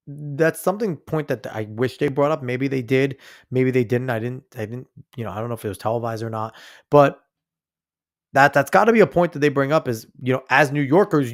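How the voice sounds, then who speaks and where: A man hosting a podcast, giving blunt, profane, casual commentary on a news clip he plays for listeners. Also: medium pitch. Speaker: podcast host.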